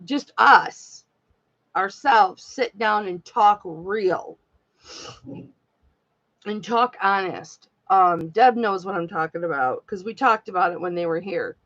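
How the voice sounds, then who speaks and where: A woman's voice: mid-range voice, takes it slowly, a bit bright, no echo, dull audio. A woman talking candidly and at length to her live-stream viewers in a heartfelt, rambling way. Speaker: live-stream jewelry seller.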